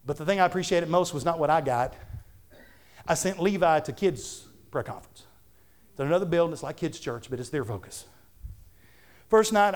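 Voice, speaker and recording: High-voiced, fervent preaching man. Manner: fervent, conversational preaching with repetitions. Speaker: pastor. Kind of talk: sermon.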